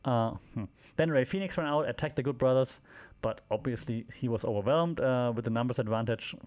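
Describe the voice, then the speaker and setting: A man's voice: mid-range voice, fairly quick, darkish tone. A man hosting a wrestling podcast, recapping shows in a casual, rambling way with many fillers, restarts and wry asides.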